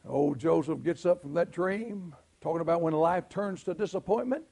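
A middle-aged man with a Southern US accent preaching a sermon, telling folksy stories and swelling into shouts. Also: fairly high pitch, normal speed, gravelly. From Southern United States. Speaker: pastor.

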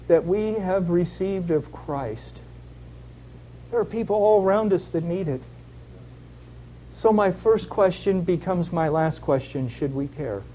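A man's voice: sits high, warm tone, slight background noise, poor audio. A man giving an earnest, heartfelt sermon with a personal testimony. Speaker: lay preacher.

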